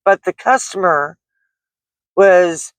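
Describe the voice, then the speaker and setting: Woman, middle-aged, personal vlog, slow unhurried pace, rambling with fillers, dry sound. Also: fairly low pitch, no room sound. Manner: rambling, shaken retelling with many restarts and fillers. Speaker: delivery driver and vlogger.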